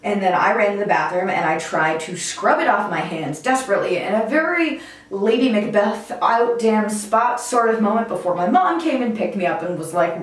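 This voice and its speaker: A woman vlogger telling a personal story in an animated, candid way, swearing casually now and then. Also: mid-range voice, normal speed. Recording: very echoey room, mic far off, faint music.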